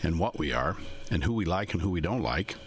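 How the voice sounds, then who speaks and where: A man's voice: low voice, animated, fairly quick, slight background noise. A man in financial services giving a casual, rambling talk to his listeners, folksy in manner and chuckling often.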